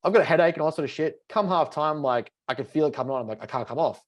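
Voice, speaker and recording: A man with a voice on the high side races through animated stories as a podcast co-host, chatting casually and swearing freely.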